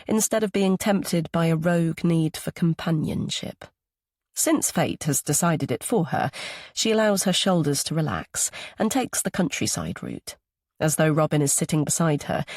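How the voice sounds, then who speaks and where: A man narrating an audiobook thriller in a steady, even storytelling voice. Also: fairly high pitch, dry recording, studio quality. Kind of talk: scripted narration.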